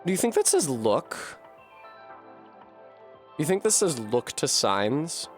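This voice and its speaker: A man streaming a game from home, working through a puzzle out loud at a desk microphone with frequent swearing and frustration. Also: a little high, big pitch swings, takes it slowly, faint music behind. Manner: profane, puzzling aloud, frustrated. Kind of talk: live-streamed gameplay commentary.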